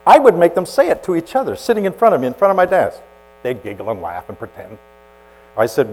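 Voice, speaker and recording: A man preaching a storytelling sermon as a pastor, swinging from loud emphasis to hushed asides. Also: on the high side, very animated, fast talker, low-quality recording.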